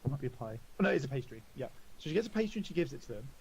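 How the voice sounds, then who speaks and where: A man's voice: medium pitch, sing-song, racing, darkish tone, a little hiss or hum, rough recording. Laid-back man running a tabletop game. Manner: casual, hesitant, fillers, laughs often. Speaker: game master.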